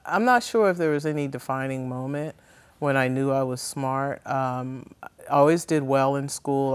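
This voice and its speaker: A woman in her fifties from New Jersey, answering interview questions thoughtfully with frequent pauses and ums. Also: very deep voice, smooth. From New Jersey, USA. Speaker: interview guest.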